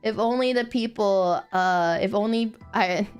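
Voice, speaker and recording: Brief: animated woman streamer, casual swearing, lots of laughter, soft music behind. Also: medium pitch, a little slow. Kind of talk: casual livestream chat.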